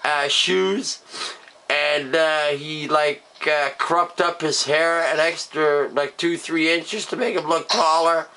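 A man from Canada doing a sarcastic comedy rant as a vlogger, fake sobbing and shouting. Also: fairly high pitch, fairly even intonation, takes it slowly. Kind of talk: mock-grieving comedy rant.

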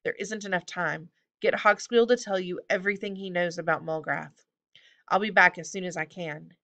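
A woman's voice: lowish voice, steady tone, moderate pace, pushed and bright. A woman voicing a determined young boy in a read-aloud storybook, earnest and plain. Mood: insistent. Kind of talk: audiobook reading.

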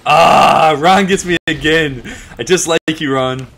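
A young man commentating a game with friends over a headset, excitable, laughing a lot and yelping when he dies. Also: on the high side, measured pace. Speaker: gamer host.

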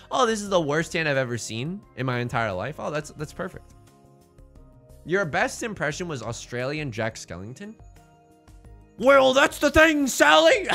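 A male streamer with a mid-range, slightly bright voice jokes casually about his game. He reads chat in a playful, self-mocking way.

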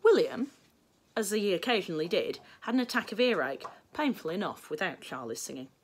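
Lively woman reading a children's story. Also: on the low side, fast, slightly rough. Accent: Northern English. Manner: lively, expressive. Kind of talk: storybook read-aloud.

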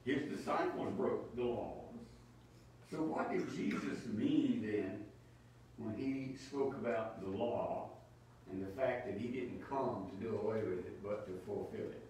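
A preacher teaching Bible study speaks in a low, darkish voice, a little slowly, delivering an emphatic teaching sermon full of rhetorical questions. Picked up from a distance, he echoes heavily through the church over a faint underlying hum.

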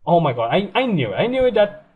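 A young man giving casual, excitable commentary on a life-sim game, laughing often and swearing freely. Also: high voice, fast talker, husky, narrow, tinny audio. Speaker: let's play gamer.

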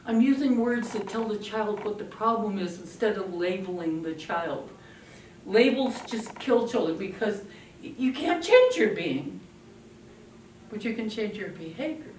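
A woman's voice: medium pitch, a little slow, a little hiss or hum. Woman teaching parents in an echoey room. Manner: animated, acts out scenes with a puppet. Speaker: parenting speaker. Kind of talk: workshop talk to an audience. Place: room with a live audience. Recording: echoey room from a distant mic.

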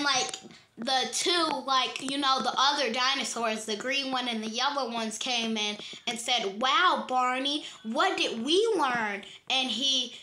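A woman's voice: high voice, bright, forceful tone, roomy sound, slight background noise. A woman casually retelling a creepy internet story, rambling with lots of "like" and restarts.

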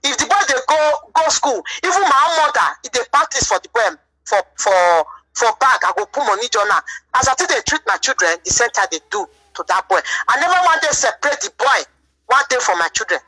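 A woman's voice: sits high, animated, a little fast, bright, forceful tone, rough recording. A Nigerian woman giving a rambling, defensive personal account of her marriage dispute, often repeating herself. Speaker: wife telling her side of a marriage dispute.

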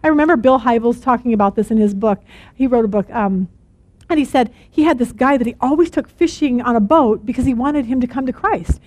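Earnest high-voiced woman teaching the Bible. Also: brisk, dry recording. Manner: earnest, animated storytelling with acted quotes.

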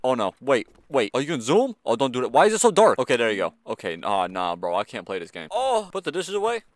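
Excitable man narrating a horror game. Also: mid-range voice, quick pace, dry recording. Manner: jumpy, excitable, talks to the game characters, slangy. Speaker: gaming channel host. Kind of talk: let's play commentary.

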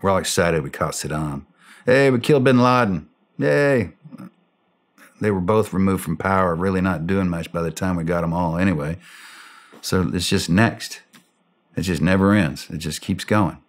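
A middle-aged man, a former special operations soldier, telling a war story in a podcast interview, animated and blunt, acting out the dialogue. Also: sits low, moderate pace.

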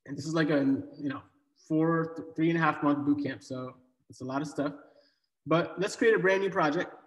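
A man's voice: fairly high pitch, normal speed. A man teaching a live online coding class in a casual, joking way, with many fillers and restarts. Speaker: coding bootcamp instructor. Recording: echoey room with long reverb.

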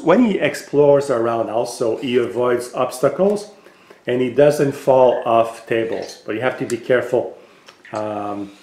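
Tech vlogger, man, mid-pitched, relaxed explainer with fillers, echoey room. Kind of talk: casual product demonstration. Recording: roomy echo.

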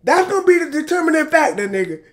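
Hyped-up man shouting his reactions. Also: very high-pitched, fast talker. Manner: excitable, shouts and exclaims over the track; hyped, emotional, talks straight to viewers. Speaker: music reaction YouTuber. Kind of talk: casual reaction commentary.

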